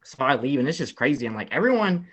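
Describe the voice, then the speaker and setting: A young man from the American South telling an excited story in casual chat, filling his talk with "like" and acting out what people said. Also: medium pitch, fast talker, breathy edge. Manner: excitable storyteller, heavy "like" filler, acts out quotes. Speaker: guest telling a travel story.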